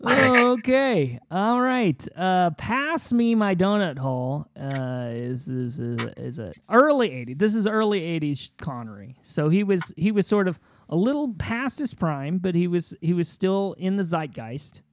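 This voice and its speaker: A man improvising a silly film pitch in casual chat, halting with many fillers and restarts. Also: lively intonation.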